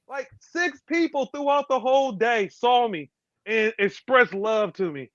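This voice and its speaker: Animated high-voiced man, laughing storyteller. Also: measured pace, dry recording, highs cut off. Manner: animated, laughs often, acts out voices in his stories. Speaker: podcast guest, tournament bass angler. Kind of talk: casual storytelling chat.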